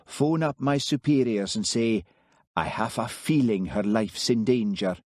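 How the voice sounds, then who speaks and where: A man reading a skeptical Highland village policeman with a Scottish Highland accent, dry and mocking. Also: measured pace, a little mellow, no room sound, lightly acted. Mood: exasperated.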